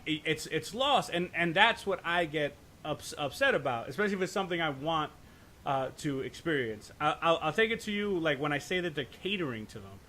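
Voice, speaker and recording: Slightly high and sharp in tone, this man co-hosts a casual podcast discussion with a loose, profane ramble. He often tags on "right?" to check in and stumbles through restarts.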